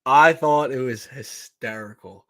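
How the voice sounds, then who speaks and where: A man co-hosting a casual sports chat, excitable and repeating himself for emphasis. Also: mid-range voice, measured pace, no room sound. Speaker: podcast co-host.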